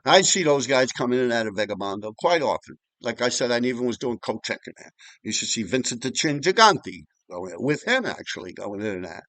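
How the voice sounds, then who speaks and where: A man's voice: medium pitch, big pitch swings, brisk, a bit bright, dry recording. A man, telling neighborhood stories in a rambling, profane, casual way. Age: 50s. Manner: rambling and profane, with frequent restarts and asides. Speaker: vlogger storyteller. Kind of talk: casual storytelling.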